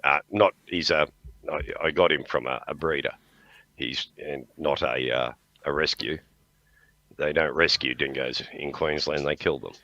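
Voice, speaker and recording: A man's voice: very deep voice, fairly even intonation, a little slow, bright, forceful tone, no echo. An older man with an Australian accent, hosting a livestream in casual, rambling chat and talking fondly to his dog. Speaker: livestream host. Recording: dull, lo-fi sound.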